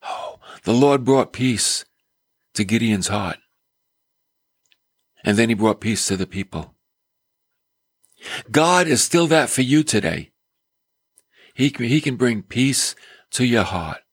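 A man's voice: mid-range voice, animated, slow pace, pauses often, breathy edge, no echo. A male preacher delivering a sermon in an emphatic storytelling manner. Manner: emphatic, storytelling with acted quotes.

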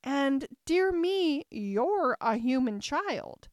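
A woman voicing a gentle, shy young fawn that speaks softly, sweetly and slowly in a storybook reading. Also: a little high, animated, no echo. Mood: delighted. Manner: soft, sweet and slow.

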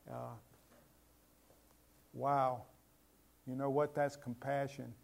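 A man preaching a sermon as pastor, asking the congregation rhetorical questions and swinging from loud, emphatic lines to quiet ones. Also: medium pitch, unhurried.

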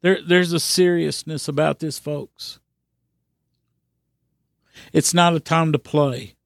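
Earnest gravelly man preaching. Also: fairly high pitch, fairly even intonation, slow, no echo, studio quality. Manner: earnest, repetitive exhortation with restarts. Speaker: podcast preacher. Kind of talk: sermon.

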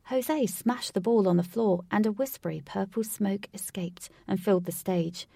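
A woman's voice: mid-range voice, moderate pace, vocal fry, mellow, no room sound, studio quality, distant mic. A woman narrating a fantasy story aloud, reading evenly.

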